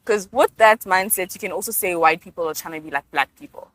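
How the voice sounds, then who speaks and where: A woman in a casual chat, making her points in an animated way, mixing English and Zulu and laughing as she talks. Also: on the low side, fast talker, no echo. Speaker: podcast co-host.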